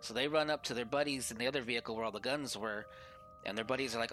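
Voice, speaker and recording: A podcast guest tells a spooky story casually over a remote Discord call, rambling and filling his talk with "like." His mid-range voice is fast and sharp with fairly even intonation, with soft music in the background.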